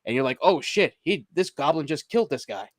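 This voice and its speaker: On a laid-back video game podcast, this male co-host talks fast and animatedly in a higher register, frequently laughing, starting over and drifting off mid-sentence. The recording is dry and studio quality.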